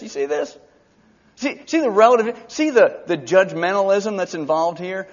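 A man's voice: sits high, lively intonation, moderate pace, lo-fi sound. A man preaching an expository Bible teaching in a conversational way, briefly acting out the characters' lines.

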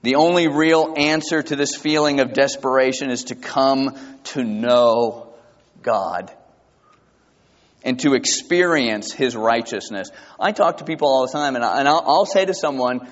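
A male pastor preaching a sermon, emphatic, asking his congregation rhetorical questions and reading scripture slowly. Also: mid-range voice, expressive. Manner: reads scripture slowly and deliberately. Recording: dull lo-fi recording with long hall reverb.

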